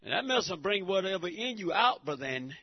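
A man giving a preaching testimony in church, emphatic and repetitive, breaking into shouts. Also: high voice, very animated, quick pace. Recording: dull lo-fi recording.

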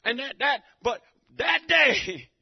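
High husky-voiced man preaching testimony. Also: lively intonation, takes it slowly. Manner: emphatic, repetitive, bursts into shouting. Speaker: church member giving testimony. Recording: dull lo-fi recording.

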